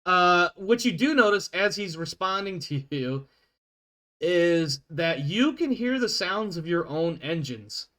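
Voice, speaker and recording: Brief: a casual, somewhat high-voiced man running a tabletop game, joking at himself. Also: animated, takes it slowly, bright, forceful tone. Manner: chatty, self-deprecating, laughs often. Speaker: game master.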